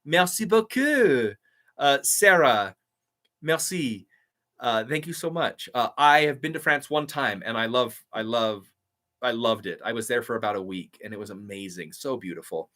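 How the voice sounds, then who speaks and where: A man's voice: fairly low pitch, moderate pace, sharp tone. A male voiceover artist hosting a casual live stream, answering viewer comments in an eager, chatty and grateful way.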